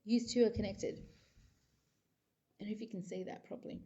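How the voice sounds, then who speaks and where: A rambling, chatty woman gives a casual psychic tarot reading to camera, her speech full of filler phrases. Her pitch sits in a middling range. The audio is dull and muffled, like a lo-fi recording. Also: steady tone, moderate pace, mellow.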